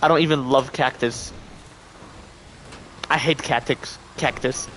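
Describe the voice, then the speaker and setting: A young man live-streaming a game, chatting with his viewers and reacting with loud, profane outbursts. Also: medium pitch, fairly even intonation, measured pace, a little hiss or hum. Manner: profane, talks to chat, reacts loudly. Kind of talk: casual live-stream gaming commentary.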